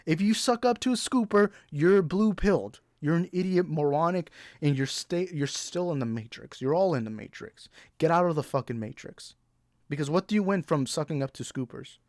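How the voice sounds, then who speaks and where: A man's voice: a little high, animated, normal speed, a little mellow, no echo, clean studio sound. A young adult man hosting a movie talk show, ranting bluntly and profanely in exasperation. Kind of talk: heated ranting commentary.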